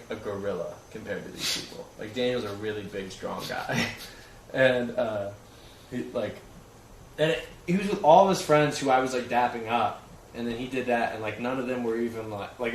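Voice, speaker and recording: A man's voice: medium pitch, recorded from a distance. A young man in his twenties telling a casual story on a livestream, laughing often and saying "like" a lot. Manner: animated, laughing, lots of "like". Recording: roomy, from the mic, noisy.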